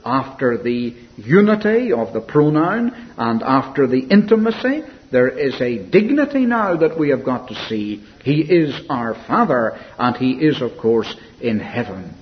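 A man preaching a sermon in an earnest, reflective way, softening and slowing when he quotes scripture. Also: medium pitch, big pitch swings. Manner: earnest, reflective preaching with soft, slowed quotations. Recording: dull lo-fi recording with faint hiss.

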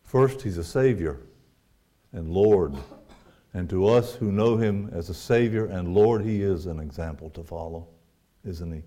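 A man's voice: deep voice, unhurried, dark tone. A man preaching a sermon, earnest, quoting scripture and asking his listeners rhetorical questions.

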